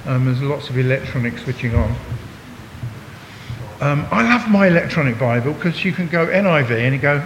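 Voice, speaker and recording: Long hall reverb and a faint rumble mark this recording of a visiting preacher, an Englishman in his sixties, speaking in a church hall. His voice is expressive at a normal speed, and his talk is chatty and jokey, engaging the congregation directly.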